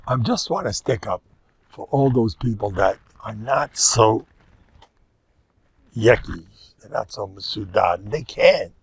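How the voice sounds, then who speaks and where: A man's voice: mid-range voice, husky, no room sound. An older man, a rabbi giving an informal, joking Torah lecture that mixes in Yiddish and Hebrew words. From United States.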